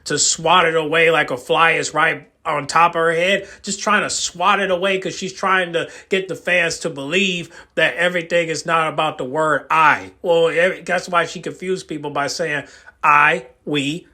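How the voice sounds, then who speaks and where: A man's voice: on the high side, steady tone, moderate pace, sharp tone. A man giving ranting reaction commentary as a YouTube host, emphatic and repetitive, hammering the same words over and over. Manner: fired-up, lecturing the viewer.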